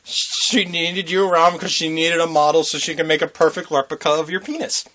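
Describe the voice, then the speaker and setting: A podcast co-host trading quick, teasing jokes in casual banter and laughing often. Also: medium pitch, level tone, bright, forceful tone.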